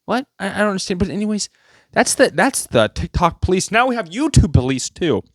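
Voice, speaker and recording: Sarcastic male vlogger, rambling rant, slightly high voice, dry close sound. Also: very animated, brisk, dry recording. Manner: sarcastic, rambling, jumpy pitch. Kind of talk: comedic rant to camera.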